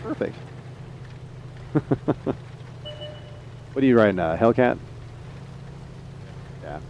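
A man streaming a tank game live, chatting excitably to teammates and viewers. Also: mid-range voice, drawn-out words, muffled recording, slight background noise. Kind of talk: live gameplay commentary.

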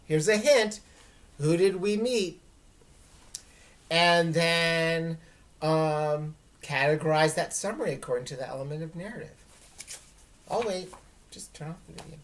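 A woman's voice: low voice, unhurried, pauses often. A woman teacher giving friendly instructions to her students in a recorded lesson.

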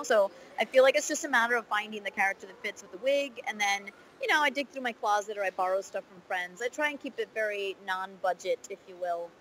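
A woman voice actor talks through an interview casually and candidly. She has a mid-range voice and is full of fillers and quick asides. She sounds lively and open. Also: mid-range voice, slight background noise, rough recording. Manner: candid and lively, with frequent "um" and "you know".

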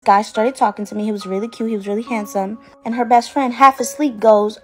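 A woman's voice: a little high, fairly even intonation, brisk, few pauses, darkish tone, faint music behind. Woman telling a scary story. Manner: dramatic, suspenseful. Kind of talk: casual spoken ghost story.

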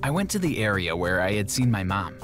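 A man giving scripted first-person narration of an animated story in a plain, steady telling. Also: fairly low pitch, a little fast. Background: background music.

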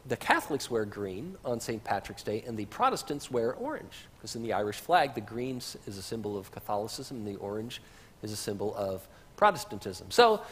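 Male pastor, sermon; husky, animated delivery, easygoing asides; reverberant church stream. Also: medium pitch. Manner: conversational, with casual asides. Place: church sanctuary.

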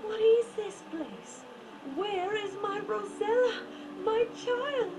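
Adventure game queen mother: very high, slow and pleading, distressed. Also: expressive, crowd noise, heavily acted. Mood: worried. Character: anxious queen mother searching for her lost daughter. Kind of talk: 1990s adventure game voice acting.

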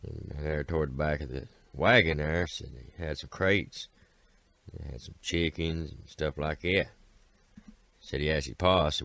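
A man's voice: rumbling low, unhurried, vocal fry, a bit bright, no echo. A man with an Appalachian accent telling a folk tale in a folksy way, starting lines with "said" and doing the characters' voices. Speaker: storyteller.

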